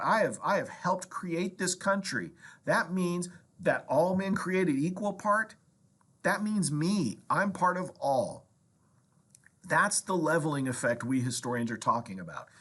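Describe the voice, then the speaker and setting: A man's voice: on the high side, a bit bright, slightly rough. A man lecturing as a history professor, telling a story and acting out quoted lines, with frequent "right?" checks to the class.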